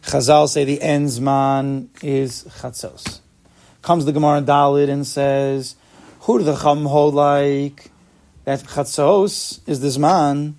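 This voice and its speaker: A man's voice: on the high side, little pitch movement, slow, a little mellow. A man teaching an informal Talmud class, explaining step by step and asking and answering his own questions.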